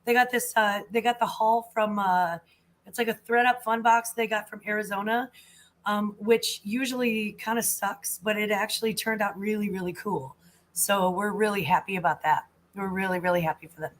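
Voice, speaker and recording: A woman hosting a casual livestream chat, greeting viewers warmly, her voice worn and husky. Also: mid-range voice, steady tone, moderate pace, poor audio. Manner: chatty, greets viewers with air kisses. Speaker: host.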